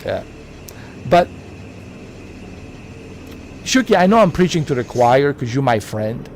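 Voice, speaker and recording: A livestream host speaks directly to his chat in a slow, sing-song, rambling manner, circling back over the same points as he preaches at his viewers. Faint traffic hums low in the background.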